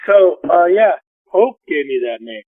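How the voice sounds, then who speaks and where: A podcast host telling stories in a loose, profane way and acting out everyone he quotes. His voice sits fairly high for a man. It comes through a dry, tinny phone line with no room sound. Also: measured pace, dry recording. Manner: profane, animated storyteller who acts out quotes. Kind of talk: casual storytelling chat. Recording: phone-line call audio.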